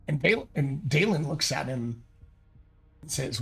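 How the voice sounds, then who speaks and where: A man running a solo tabletop game, narrating and thinking aloud in a halting, hesitant way. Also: a little high, creaky, breathy edge, faint music behind. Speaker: solo game master and player.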